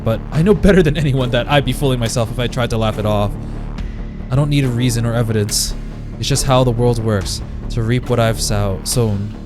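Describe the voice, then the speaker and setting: A man reading a visual novel aloud in a dramatic voice, breaking off with laughing reactions, game music behind him. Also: mid-range voice. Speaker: let's play streamer.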